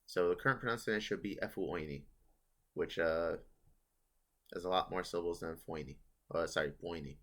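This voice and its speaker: A man's voice: sits low, moderate pace, long pauses, fairly bright tone. A man teaching a casual online grammar lesson, explaining step by step and correcting himself as he goes. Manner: explains step by step, self-correcting, thinking aloud. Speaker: language teacher.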